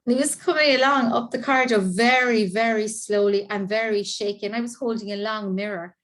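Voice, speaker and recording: A woman's voice: a little high, a little fast, a bit bright. A woman in her fifties with an Irish accent, telling an interviewer about her life as a carer, earnest and emotional. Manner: earnest, emotional, acts out quoted dialogue. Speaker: interview guest, parent carer. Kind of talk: personal storytelling in conversation.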